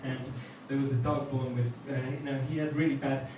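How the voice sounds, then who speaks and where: A man doing a stand-up comedy set, telling deadpan one-liners with pauses for laughs. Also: medium pitch. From outside England. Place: comedy club stage with audience laughter. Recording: echoey club from far off, noisy.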